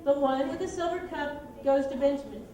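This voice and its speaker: A woman teaching children, narrating a Bible story and directing kids through a skit in a lively, brisk way. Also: sits high. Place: church room with children. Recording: echoey room, distant mic.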